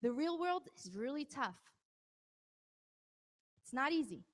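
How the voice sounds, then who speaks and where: A woman with a high voice gives a live parenting talk in a large hall. Her words ring out with a long reverb tail. She keeps it conversational and teases audience members by name. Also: very animated, slow pace. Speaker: parenting workshop presenter.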